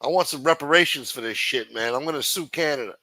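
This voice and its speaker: Reading news out loud on his livestream, a man keeps breaking off into crude, sarcastic, rambling rants full of profanity. His voice sits on the high side, bright and forceful, moving quickly, recorded dry and close without room echo.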